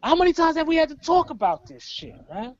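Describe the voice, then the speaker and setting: A man's voice: very high-pitched, big pitch swings, brisk. A man co-hosting a wrestling review, ranting in exasperated, profane casual talk. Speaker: wrestling show co-host. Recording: dull lo-fi recording.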